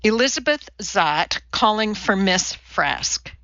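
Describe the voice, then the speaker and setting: A woman narrator voicing a composed female chemist who speaks calmly and dryly, recorded a little dull. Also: medium pitch, slow, no echo, full character voice.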